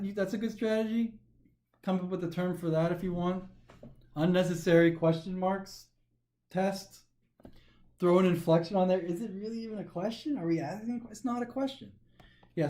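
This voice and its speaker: Animated man explaining test answers. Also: high voice. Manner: animated, thinks aloud, reads passages then comments. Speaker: test prep instructor.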